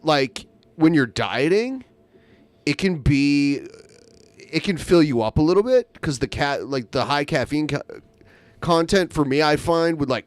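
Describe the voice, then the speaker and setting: A man's voice: a little high, dry recording. A man co-hosting a podcast in casual chat, rambling with many fillers and laughing easily. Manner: rambling, lots of likes and uhs, laughs easily. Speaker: podcast co-host.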